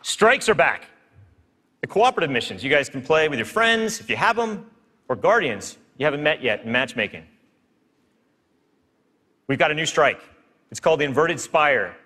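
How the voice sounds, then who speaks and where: With a fairly high, very animated voice and a sharp tone, this game studio presenter moves at a moderate pace and pauses often. He's on stage at a keynote in a big hall, energetically hyping the live audience, and the sound carries long hall reverb.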